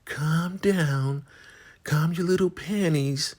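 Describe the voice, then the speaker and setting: A man voicing a cool, dismissive woman who brushes off a nervous partner, in a high, sassy voice. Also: slow, darkish tone.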